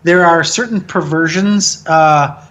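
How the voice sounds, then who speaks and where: A man in his thirties with a fairly high voice, chatting as an interview guest. He talks in an animated, opinionated way, swears freely and mimics other people with mocking voices to make his point. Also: slow, muffled recording. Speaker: film director and guest. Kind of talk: casual interview chat.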